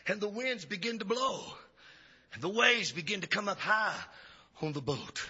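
A male preacher delivering a revival sermon, chanting upward and dropping to a hush. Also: sits high, expressive, normal speed, slightly rough. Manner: chanting rises and sudden drops to a hush. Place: church sanctuary. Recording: dull lo-fi church recording.

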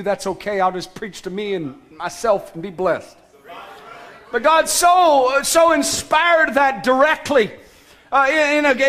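A man preaching a sermon as pastor, emphatic, with shouted calls to action and sudden soft, low passages.

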